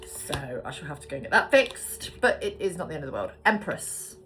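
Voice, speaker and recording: A woman's voice: low-pitched, very animated, a little fast, a bit bright, soft background music. A British woman in her forties doing a casual tarot reading, chatty and given to swearing and tangents. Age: 40s. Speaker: tarot card reader.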